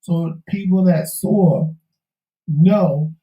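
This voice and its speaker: Raspy-voiced man telling a life lesson. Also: high voice, drawn-out words, mellow, reverberant, recorded from a distance, poor audio. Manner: preachy, emphatic, folksy Southern-tinged slang. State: losing his voice. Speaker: talk show co-host. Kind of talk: candid storytelling chat.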